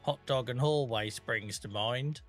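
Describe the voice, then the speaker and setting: A man's voice: medium pitch, a little slow, faint music behind. A British man chatting casually on a live gaming stream, joking, teasing his chat and swearing freely. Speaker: game streamer.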